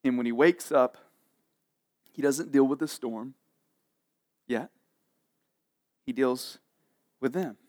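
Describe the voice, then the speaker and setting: A man preaching a sermon in a lively, jokey way, acting out the people in the story. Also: mid-range voice, slow pace, pauses often. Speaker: pastor.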